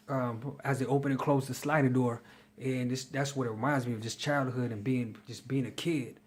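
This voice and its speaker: Slangy, chatty man reviewing fragrances. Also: medium pitch. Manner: slangy, chatty, hypes his picks. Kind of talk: casual vlog review.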